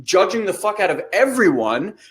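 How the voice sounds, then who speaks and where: A man in his thirties co-hosting a podcast, telling a story in a loose, animated way and acting out the lines he quotes. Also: sits high, moderate pace. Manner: animated storytelling, acts out quotes, swears casually. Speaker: podcast co-host. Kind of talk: casual conversation.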